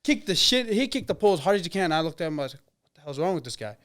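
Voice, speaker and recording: An MMA fighter in his twenties, appearing as an interview guest, tells stories in casual conversation. His high, fairly bright voice races along with big pitch swings as he rambles, uses lots of fillers, and acts out quoted dialogue.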